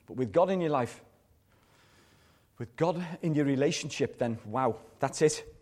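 A pastor giving a live sermon in a church service, earnest and repetitive, letting his phrases fall soft at the ends. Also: mid-range voice, expressive, a little slow.

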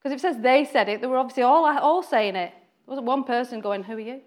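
A woman's voice: high voice, fairly quick, darkish tone. Chatty woman preaching. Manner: chatty, acts out quoted voices, laughs often. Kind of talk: informal sermon.

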